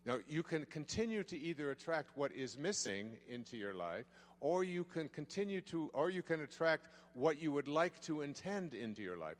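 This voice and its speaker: Expressive man speaking in a reverberant hall. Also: on the high side, normal speed. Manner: storytelling, emphatic and expressive. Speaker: motivational speaker. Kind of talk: lecture to a live audience. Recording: long reverb of a large hall.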